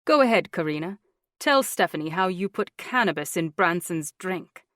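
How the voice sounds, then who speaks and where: A woman voicing a steady, matter-of-fact young man. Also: fairly low pitch, moderate pace, no room sound, clean studio sound. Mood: firm.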